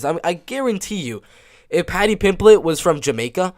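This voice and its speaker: A man talks through a reaction video in a loose, rambling way, stumbling and repeating himself. His voice sits a little high and swings up and down a lot. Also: animated, normal speed. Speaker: YouTube reaction host. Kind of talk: casual reaction commentary.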